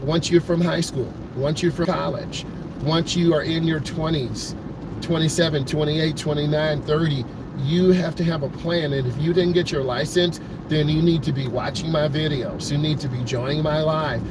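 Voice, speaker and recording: A man coaches a driving lesson from behind the wheel, calm and steady, going over each point again. His voice sits a little high. Road and engine noise carry clearly under his words. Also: normal speed. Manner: calm, repetitive coaching, talks to the viewer. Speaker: driving instructor. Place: inside a car driving on snowy roads.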